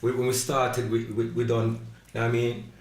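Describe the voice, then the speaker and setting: A man hosting a live podcast, playfully shouting out viewers by name. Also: medium pitch, monotone, a little fast. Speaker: podcast host. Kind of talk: casual live podcast chat. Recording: roomy echo with faint background hiss.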